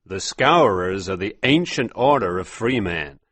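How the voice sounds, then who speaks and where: Storybook part: stern, fearful old father, low dry voice, read by a man. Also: expressive, measured pace, a bit bright, no echo. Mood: warning. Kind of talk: storybook reading for English learners.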